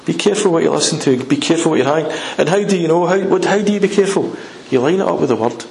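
A preacher delivering a sermon with a slightly raised voice, driving points home through repetition and dropping suddenly to near-hushed tones. The room is echoey, with a faint background hum. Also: male voice, a little high, expressive, very fast, gravelly. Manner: emphatic, repeats points, swings between loud and hushed.

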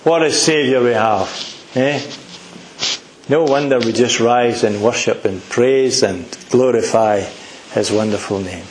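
A man's voice: medium pitch, unhurried, roomy sound, slight background noise. A middle-aged Scottish man preaching a sermon, earnest and emphatic, asking the congregation questions.

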